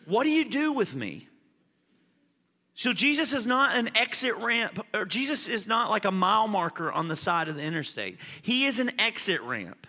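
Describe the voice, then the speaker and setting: A man preaching a sermon as pastor, animated, swinging from loud emphasis to quiet asides. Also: high voice, moderate pace, long reverb tail.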